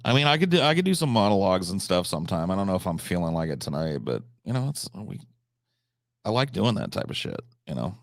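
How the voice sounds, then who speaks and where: Deep-voiced man chatting on a stream. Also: sing-song, fast, dry recording, studio quality. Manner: casual, swears freely, many restarts. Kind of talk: casual live-stream chat.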